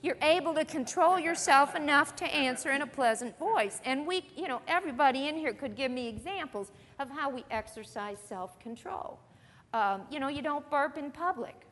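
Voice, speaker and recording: A woman's voice: high voice, animated, moderate pace, fairly bright tone, a little hiss or hum. A woman teaching a church Bible lesson to a group, earnest and conversational, posing questions to her listeners. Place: church meeting room with an audience. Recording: long reverb of a hall.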